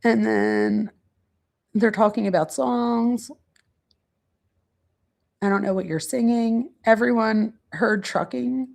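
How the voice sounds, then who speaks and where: A woman with a gravelly, creaky voice casually reads quotes aloud and comments on them. She hosts a true crime channel and stops now and then to look through her notes. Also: fairly high pitch, fairly even intonation, takes it slowly, long pauses, darkish tone.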